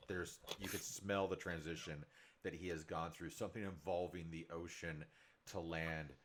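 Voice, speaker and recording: Very deep-voiced male game master. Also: a bit bright, a little hiss or hum. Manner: descriptive, filler-heavy. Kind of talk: narrating a tabletop game.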